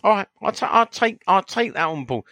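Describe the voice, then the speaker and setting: A man's voice: high voice, animated, fairly quick, sharp tone, no room sound. Man on a podcast, stammers and restarts, defensive, very dry close sound. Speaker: podcast co-host. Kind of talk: casual chat.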